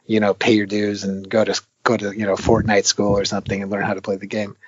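A man's voice: on the low side, fast, breathy edge, dry recording, dull audio. A man who designs arcade games, talking casually and at length in an interview, with many fillers and restarts. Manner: rambling, many fillers and restarts, animated when retelling stories. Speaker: arcade game designer, guest.

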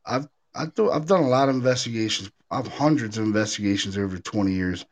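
A man hosting a casual talk show, a paranormal investigator telling stories in an animated way, full of fillers and restarts. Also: lowish voice, fast. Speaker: podcast host, paranormal investigator. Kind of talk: casual chat.

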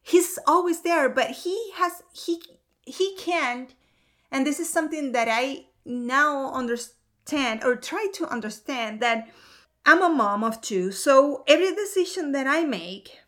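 High, bright-voiced woman sharing her testimony. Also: expressive, measured pace. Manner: earnest and emotional, with laughs. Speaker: mother of two. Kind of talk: personal faith testimony.

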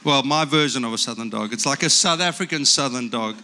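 An older man preaching a sermon as a pastor, animated and playful as he tells a story. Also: medium pitch, brisk, a little hiss or hum.

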